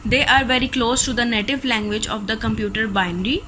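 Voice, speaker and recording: A woman's voice: on the high side, fairly even intonation, fairly quick, sharp tone, soft background music, low-quality recording. A woman teacher with a Pakistani accent, reading a recorded class lecture steadily from textbook notes.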